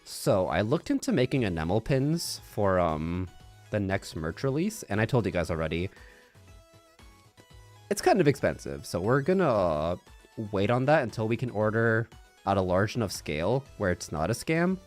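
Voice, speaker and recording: A man chats casually on a stream, rambling and thinking aloud with hums and soft laughs. His voice sits fairly low but swings up and down a lot. He is close on a binaural mic over faint music. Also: sing-song, moderate pace. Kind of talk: casual chat. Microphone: binaural microphone.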